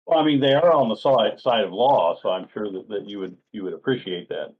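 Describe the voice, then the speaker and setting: A man's voice: lowish voice, fairly quick. A man player in a tabletop game, speaking hesitantly with many stammered repeats. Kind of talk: casual game table chat. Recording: tinny phone-like line.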